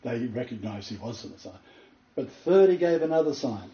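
A man giving an earnest, emphatic Bible teaching, telling a story and building to excited points. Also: mid-range voice, fairly quick. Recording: roomy, far from the mic, dull lo-fi.

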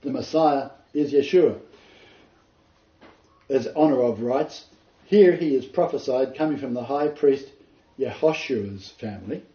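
A man's voice: medium pitch, a little slow, pauses often, warm tone. A man leading an informal Bible study, explaining scripture in an earnest, detailed way. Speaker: Bible teacher. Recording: roomy, distant, dull lo-fi sound.

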